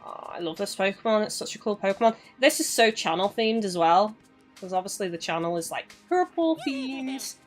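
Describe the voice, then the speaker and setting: A woman's voice: mid-range voice, fairly quick, faint music behind. A young woman streaming a game, chatting in a bubbly, giggly way to her viewers. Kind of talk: casual live-stream commentary.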